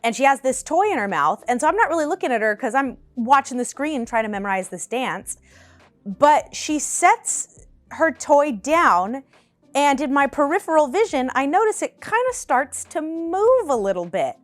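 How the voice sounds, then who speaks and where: Speaking at normal speed in a voice that sits high, a twenty-something vlogger chats through a lively, casual storytime in her apartment. She laughs a lot, and the recording is dry.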